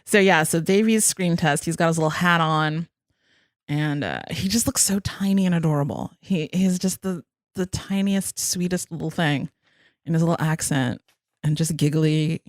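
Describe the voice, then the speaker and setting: A woman's voice: deep voice, normal speed, no echo, clean studio sound. A woman hosting a podcast in casual chat, chatty and often laughing. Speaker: podcast host.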